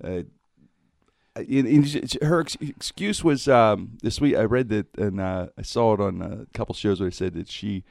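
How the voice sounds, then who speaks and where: Lower-voiced, rambling male host. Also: moderate pace, vocal fry, darkish tone, dry recording, clean studio sound. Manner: rambling storyteller with frequent laughs and restarts. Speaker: radio show host. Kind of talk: casual chat.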